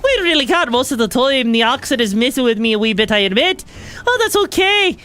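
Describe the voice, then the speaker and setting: Mock-Irish trash-talker, high singsong, teasing as a woman puts it on. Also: expressive, quick pace, fairly bright tone. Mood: taunting. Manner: taunting, singsong, says "wee bit" a lot. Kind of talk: joking put-on voice while gaming.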